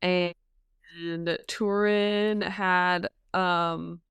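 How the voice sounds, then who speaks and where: A woman co-hosting a podcast, chatting casually and hesitantly with lots of ums, retelling a story and popping into high voices for the characters. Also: flat delivery, drawn-out words, a bit bright, clean tone, dry recording. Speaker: podcast co-host. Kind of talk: casual book-discussion chat.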